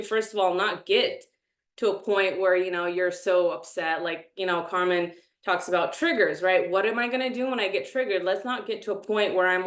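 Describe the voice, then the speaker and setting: A woman in her thirties sharing her experience in a casual, animated, self-dramatizing way. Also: mid-range voice, reverberant. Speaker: reality show contestant. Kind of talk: casual group chat.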